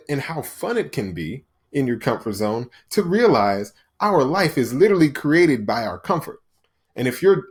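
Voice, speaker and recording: A man with an ordinary mid-range voice talks straight to his listeners in a motivational monologue. He is emphatic and punchy, often asking "right?" and slipping into the voices he describes. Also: medium pitch. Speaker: podcast host.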